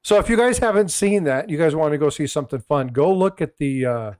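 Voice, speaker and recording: A man's voice: on the high side, lively intonation, a little fast, darkish tone, slight background noise. A man hosting a casual coin channel, rambling through stories and a joke with many restarts. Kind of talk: casual chat.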